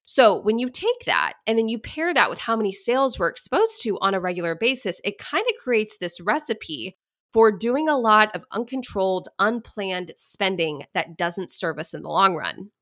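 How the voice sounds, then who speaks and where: A woman's voice: mid-range voice, very animated, moderate pace, a bit bright. A young adult woman hosting a solo money-coaching podcast, chatty and upbeat.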